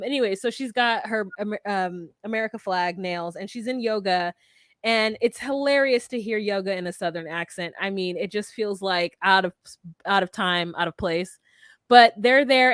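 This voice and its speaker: A woman co-hosting a podcast, giving blunt, animated opinions in casual chat about a reality show. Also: medium pitch, normal speed, dry recording, studio quality. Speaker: podcast co-host.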